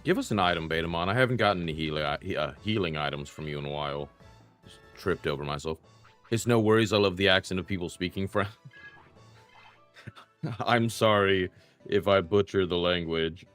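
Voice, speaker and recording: A man's voice: low-pitched, brisk, long pauses, a bit bright. A young man streaming a retro game, chatting casually and self-deprecatingly with his viewers while he plays. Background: faint game music.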